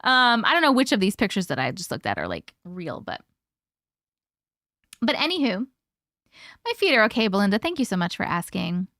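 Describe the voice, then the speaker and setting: A woman's voice: medium pitch, sing-song, moderate pace, pauses often, a bit bright, no echo, clean studio sound. A woman hosting a live stream, chatting casually with viewers, swearing freely and laughing often. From part Italian heritage, American. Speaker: host reading viewer stories.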